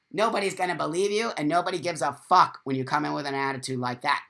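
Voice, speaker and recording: A man's voice: high-pitched, quick pace, gravelly, few pauses, fairly bright tone. A man hosting a casual live stream, talking bluntly and swearing freely, and reading out viewer comments as he goes. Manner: reads viewer comments aloud.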